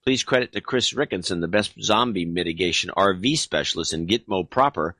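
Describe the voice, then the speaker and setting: Wry, low-pitched man reading donations. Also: lively intonation, fairly quick, pushed and bright, no echo. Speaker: podcast co-host reading donations. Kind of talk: casual chat.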